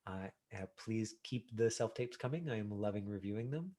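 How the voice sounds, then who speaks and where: A middle-aged man teaching an online acting class over a video call, talking casually with lots of fillers and lively examples. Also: on the low side, normal speed. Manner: casual, animated, many fillers.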